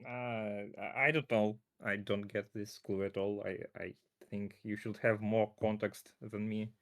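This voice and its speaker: A man's voice: on the low side, flat delivery, unhurried. A man talking with a streamer during a game, hesitant and stammering as he explains. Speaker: game partner on call. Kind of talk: casual game chat.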